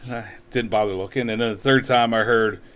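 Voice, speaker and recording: Middle-aged man telling a relaxed story. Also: lowish voice, brisk. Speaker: co-host of a live online show. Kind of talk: casual chat.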